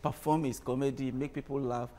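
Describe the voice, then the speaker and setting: A man's voice: medium pitch, flat delivery, fairly quick, dark tone, slight background noise. Hesitant man in a studio interview. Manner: hesitant, many fillers. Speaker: studio guest, comedian's son. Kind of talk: casual TV interview.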